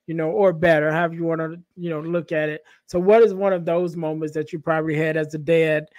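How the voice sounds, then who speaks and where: A man's voice: a little high, fairly even intonation, fast, a little mellow. A man hosting a podcast, asking questions and leading into the next segment in a conversational way, with plenty of fillers. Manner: conversational, steering the talk with fillers. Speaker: podcast host. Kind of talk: casual interview talk.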